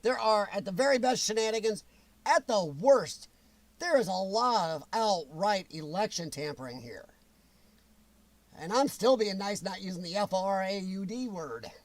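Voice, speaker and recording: A man's voice: sits high, expressive, moderate pace. A man hosting a livestream, ranting angrily and sarcastically with plenty of profanity. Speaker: livestream host.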